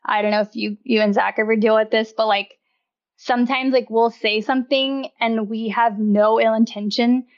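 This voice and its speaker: A young woman, a wellness writer appearing as a podcast guest, speaks in a fairly high, steady voice at normal speed, though the recording is muffled. It's a casual interview chat, and she's chatty, laughs often, and fills her speech with "like."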